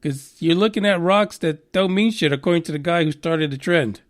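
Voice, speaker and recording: High-voiced, foul-mouthed ranting man. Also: normal speed. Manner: profane, sarcastic, blunt. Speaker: podcast host. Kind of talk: ranting news commentary.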